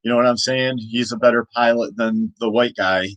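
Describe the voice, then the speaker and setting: Male comic creator, casual vlog monologue, rambling delivery, mid-pitched voice, dry close recording. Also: fairly even intonation, normal speed, fairly bright tone, dry recording, highs cut off. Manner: rambling, many restarts and laughs.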